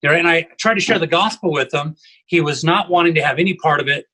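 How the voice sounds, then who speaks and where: Husky, bright-voiced man telling stories. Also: a little high, fast, low-quality recording. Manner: storytelling, tags lines with "right?". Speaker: co-host, evangelism trainer. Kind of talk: casual panel discussion. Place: at home. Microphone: video call.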